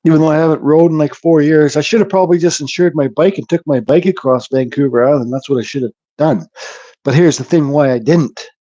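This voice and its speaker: A man's voice: on the high side, brisk, dark tone, dull audio. A middle-aged man from Canada hosting a woodcarving channel, chatting casually and bluntly with live viewers, rambling and swearing freely. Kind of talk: casual chat to live viewers while carving.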